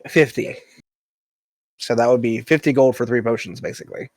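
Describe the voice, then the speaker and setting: A man as dungeon master, narrating a tabletop game in an animated, amused way. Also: mid-range voice, normal speed, no echo.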